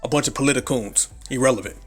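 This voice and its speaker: A man's voice: mid-range voice, fast, slightly rough, faint music behind. A man hosting a live commentary stream, brash and heavily profane, laughing at his own jokes. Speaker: livestream commentary host.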